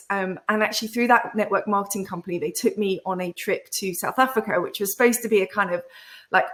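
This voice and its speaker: A woman, a podcast guest and entrepreneur, telling a candid personal story in an interview, animated and acting out remembered conversations, with frequent fillers and restarts. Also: medium pitch.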